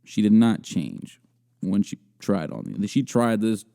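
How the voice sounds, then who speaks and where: A man's voice: lowish voice, very animated, unhurried, vocal fry, warm tone. A young man hosting a podcast, telling a crude story and riffing on a video in a rambling, self-mocking way with frequent laughter. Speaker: podcast host. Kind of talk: casual comedic storytelling and video commentary.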